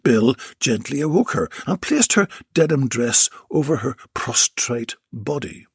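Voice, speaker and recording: Slow, husky male narrator. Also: mid-range voice, animated, dry recording, clean studio sound. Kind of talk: audiobook narration.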